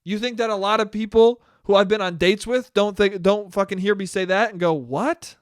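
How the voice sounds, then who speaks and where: A young man with a fairly high voice rants alone into his podcast mic, swearing freely and slipping into mocking impressions of critics. The sound is dry and close, with no room around it. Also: a little fast, clean tone, no room sound. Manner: animated ranting, mocking voices of critics, frequent swearing and laughing. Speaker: podcast host. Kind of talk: solo podcast monologue.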